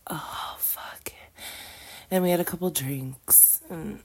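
A woman recording a casual, intimate audio diary from bed with a groggy morning voice, drowsy and soft, often sliding into a half-whisper. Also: deep voice, takes it slowly, husky. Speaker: audio diarist. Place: in bed at home.

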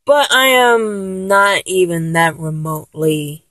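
Woman, twenties, mature-sounding voice, giggly and rambling, very lively pitch, unhurried delivery, dry close sound. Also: no echo. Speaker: solo vlogger answering a questionnaire. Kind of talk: casual chat.

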